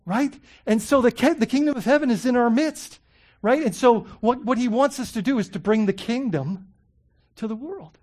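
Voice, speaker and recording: A pastor preaches at a moderate pace and medium pitch, animated and conversational. He frequently asks his listeners questions and regularly says "you know" and "right?".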